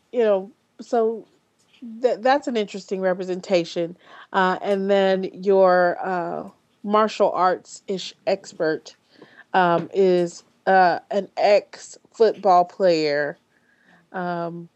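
A woman's voice: on the low side, a little mellow, lo-fi sound. A woman hosting a podcast in casual talk, speaking bluntly with frequent swearing, fillers and restarts. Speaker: podcast host.

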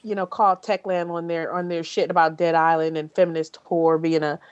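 A woman hosts a casual podcast discussion, her voice sitting fairly low. She talks bluntly and swears freely, stumbling through fillers and restarts as she thinks aloud. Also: flat delivery, a little fast, highs cut off. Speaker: podcast host.

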